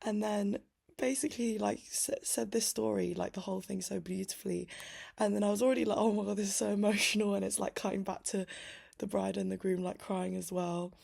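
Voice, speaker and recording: A woman's voice: mid-range voice, steady tone, a little fast, creaky, a little mellow, breathy edge. A young woman talking late at night into her laptop mic, chatty and teary, laughing often and saying "like" a lot. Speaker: vlogger. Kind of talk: late-night diary vlog.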